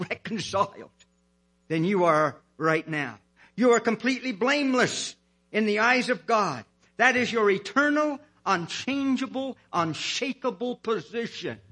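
A man preaching with a high, bright, husky voice. He hollers with passion, then slows right down to lean on the words that matter. The delivery is fervent and pleading throughout. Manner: hollering and impassioned, slowing to stress key words. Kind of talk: fervent sermon.

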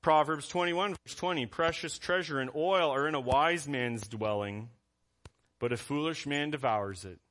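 A man's voice: a little high, normal speed, a bit bright. A man preaching a conversational sermon as pastor, reading scripture aloud between asides.

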